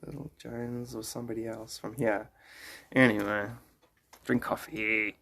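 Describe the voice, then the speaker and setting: A man's voice: on the low side, level tone, a little slow, gravelly, fairly bright tone. A man streaming live and chatting casually with his viewers, rambling, joking and greeting them by name. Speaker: livestreamer.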